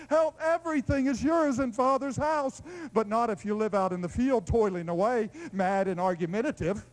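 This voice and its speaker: A man preaching a sermon in a lively, playful storytelling way, swinging between loud exclamations and hushed asides. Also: extremely high pitch, low-quality recording.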